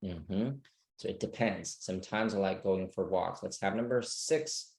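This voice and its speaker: A man's voice: low voice, a little slow, creaky, a little mellow. A man teaching an online English speaking class, patient and checking that students understand.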